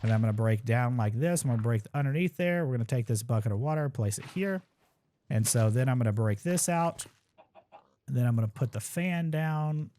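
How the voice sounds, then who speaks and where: A young man at his computer at home, chatting through a game speedrun in a relaxed, thinking-aloud way. His voice sits at an ordinary middle pitch, and he drops dry little jokes at his own expense as he goes. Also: brisk, slight background noise. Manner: casual, thinks aloud while playing, self-deprecating asides. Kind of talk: live gameplay commentary.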